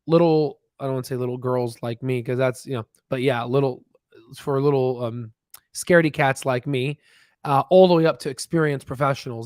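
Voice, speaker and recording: A man with a mid-range voice hosts a stock channel from his home desk with screen share, chatting casually in a livestream. He rambles with many fillers and restarts and laughs at himself. The recording is dry and studio quality.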